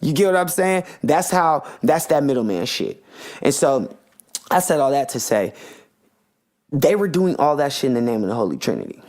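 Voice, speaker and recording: A man delivering a podcast monologue, heated and full of slang and swearing. His voice sits at an ordinary middle pitch for a man. He keeps the talk loose and worked up, like a host venting to his listeners. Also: very animated, normal speed, a little mellow. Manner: impassioned, profane, slangy ranting.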